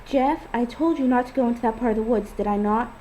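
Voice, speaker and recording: A woman's voice: on the high side, fast talker, mellow, a little hiss or hum, natural voice, rough recording. A woman voicing a stern faceless male forest creature in a read-aloud story.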